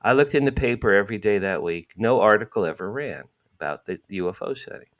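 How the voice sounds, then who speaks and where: A man in his sixties with a fairly low voice tells his story with animation. He acts out the dialogue and repeats himself for emphasis, a guest on an interview podcast. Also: expressive, fairly quick, fairly bright tone. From New Jersey, USA. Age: 60s.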